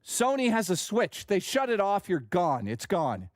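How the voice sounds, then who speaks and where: A man's voice: sits high, measured pace, no echo, studio quality. Angry man ranting on a live stream. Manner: heated, profane and animated ranting. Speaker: streamer host.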